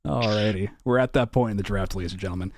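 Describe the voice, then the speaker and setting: A man hosting a live online draft stream, with relaxed, upbeat announcer patter. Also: fairly low pitch, quick pace, dry recording. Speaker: draft host.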